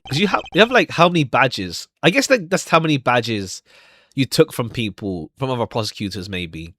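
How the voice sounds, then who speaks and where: A man's voice: mid-range voice, expressive, moderate pace, fairly bright tone, no echo. A man casually commenting while reading through a game, chatty and rambling, laughing often. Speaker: streamer playing a game. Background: background music.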